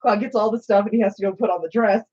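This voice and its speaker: A woman's voice: mid-range voice, steady tone, racing, dark tone, slightly rough. A woman in casual chat with friends, playful and retelling jokes. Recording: lo-fi home stream audio.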